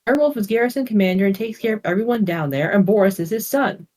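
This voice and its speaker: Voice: medium pitch, lively intonation, fast, a little mellow, pitched above the performer's own voice, lightly acted. A reader voicing an earnest teenage girl who pleads with her family and reassures them. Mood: pleading. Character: teen girl heroine, earnest and protective. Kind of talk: amateur audio drama reading.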